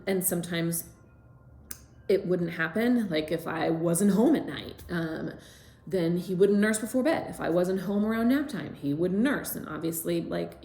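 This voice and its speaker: A middle-aged woman, a lactation consultant, gently telling a personal story with many fillers. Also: mid-range voice, echoey room.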